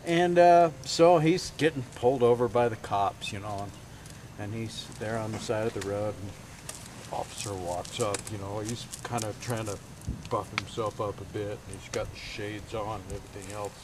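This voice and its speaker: A man telling a long joke at a campout, rambling and animated, with lots of "you know". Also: fairly low pitch, moderate pace, crowd noise. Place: outdoors at a campsite. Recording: noisy outdoor camcorder audio.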